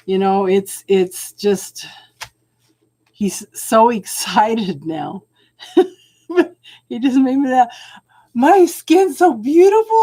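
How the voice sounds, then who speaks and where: A woman's voice: mid-range voice, darkish tone. An older woman hosting a casual tarot livestream, chatty and often laughing, greeting viewers by name as she talks. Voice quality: laughs often while talking. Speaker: tarot reader host.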